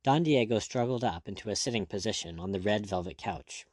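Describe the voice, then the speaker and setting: Male audiobook narrator, expressive storyteller, dry studio sound. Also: on the low side, a little fast, no echo. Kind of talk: scripted narration of an adventure novel.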